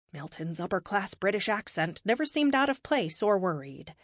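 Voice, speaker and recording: A woman's voice: medium pitch, very animated, normal speed, few pauses, no echo. Woman narrating an audiobook, dry close sound. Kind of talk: scripted narration.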